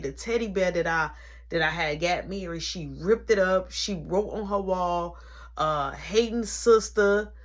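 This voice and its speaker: A young man telling a personal story in a casual, animated way, acting out the people in it. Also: high voice.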